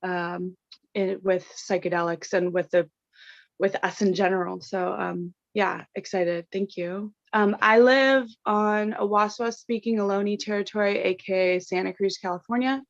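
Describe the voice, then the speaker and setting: A woman's voice: medium pitch, fairly even intonation, measured pace, gravelly, no room sound. A woman from Atlanta chatting casually and giggling as she introduces herself on a video call. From Atlanta, Georgia. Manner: chatty, giggly, many fillers. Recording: muffled video call audio.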